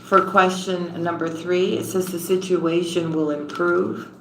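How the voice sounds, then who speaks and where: A woman reading tarot on a live stream and warmly greeting viewers, calling them honey and sweetheart. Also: fairly low pitch, fairly even intonation, unhurried, background noise. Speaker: tarot reader. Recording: roomy echo with faint ambience.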